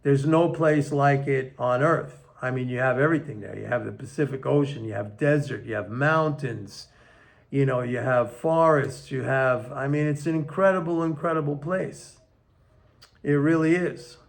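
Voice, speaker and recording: An older man giving a casual, emphatic opinion monologue on economics, slowing down to stress his points, recorded on a camera on a tripod. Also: medium pitch, creaky. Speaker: economics commentator.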